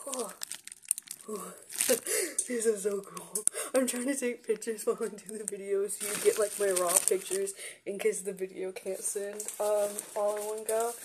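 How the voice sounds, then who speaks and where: A young woman unboxing gifts in a vlog, gushing and excitable, gasping and giggling as she talks. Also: medium pitch, normal speed, background noise. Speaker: vlogger opening gifts.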